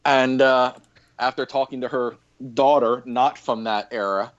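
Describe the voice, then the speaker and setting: A man's voice: mid-range voice, steady tone, unhurried. A man guesting on a podcast, telling stories in a laid-back, casual way with frequent fillers. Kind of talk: casual interview chat. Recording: dull lo-fi audio.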